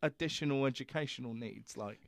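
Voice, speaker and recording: A man chatting casually as a podcast co-host, crude and animated when he tells stories. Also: medium pitch, brisk, creaky, dry recording. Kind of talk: casual chat.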